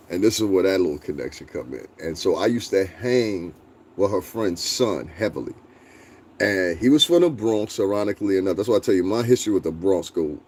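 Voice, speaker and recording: A man's voice: deep voice, a little mellow. A young man hosting a casual live stream, talking bluntly and profanely, laughing often and answering his chat. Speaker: livestream host.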